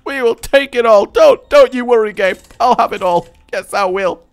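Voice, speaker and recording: Give me a gleeful, excitable man with a high voice commentating a game. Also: moderate pace, smooth. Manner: excitable, gleeful, laughing often. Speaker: gaming commentator. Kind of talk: casual let's-play commentary.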